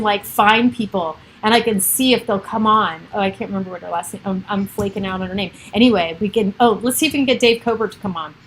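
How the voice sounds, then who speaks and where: A woman's voice: medium pitch, a little hiss or hum. A middle-aged woman chatting on a casual home livestream, giggly and wandering off topic. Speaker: realtor livestreaming to followers. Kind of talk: rambling casual livestream chat.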